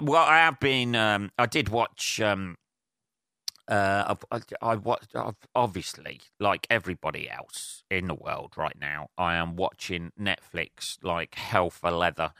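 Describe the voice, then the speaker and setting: A man's voice: sits low, measured pace, bright, forceful tone, clean tone, no room sound, studio quality. Man ranting on a solo podcast. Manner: rambling, profane, full of fillers and restarts. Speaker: podcast host. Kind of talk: casual solo rant. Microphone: handheld portable recorder.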